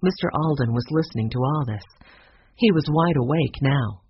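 A reader giving a lively, expressive storybook narration. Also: medium pitch, normal speed, slightly rough. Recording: dull dry lo-fi recording.

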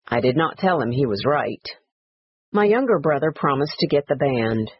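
Husky man reading a reflective story. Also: medium pitch, big pitch swings, moderate pace, dry recording. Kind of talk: read-aloud story narration. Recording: dry, slightly dull recording.

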